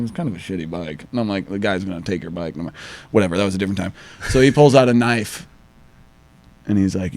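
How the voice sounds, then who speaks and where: A man's voice: on the low side, dry recording. Profane storytelling man, dry sound. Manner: profane, animated, acts out quotes in shifting voices. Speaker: podcast co-host. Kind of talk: casual storytelling chat.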